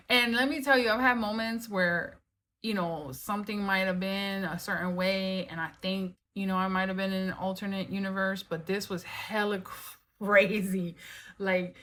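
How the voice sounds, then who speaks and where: A woman telling a personal story to camera from her home, in an animated, casual way, full of "like" and "right?" and the odd swear word. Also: mid-range voice, measured pace.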